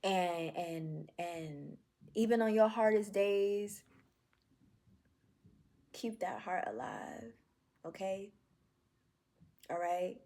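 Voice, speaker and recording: A woman recording a heartfelt video journal, speaking in slow, affirming, repeated phrases. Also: mid-range voice, warm tone. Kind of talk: reflective self-talk video journal.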